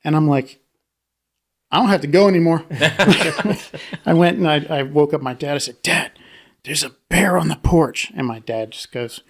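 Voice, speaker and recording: Animated man telling a story, laughing. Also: a little high, a little slow, slightly rough. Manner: animated storyteller, laughs often, acts out voices. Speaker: podcast co-host. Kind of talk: casual storytelling chat.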